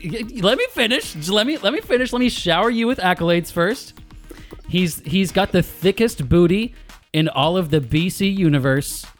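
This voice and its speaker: A man's voice: sits high, animated, moderate pace, faint music behind. A man hosting a casual podcast chat, joking and stammering through restarts, recorded on a camera directional mic. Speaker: podcast host.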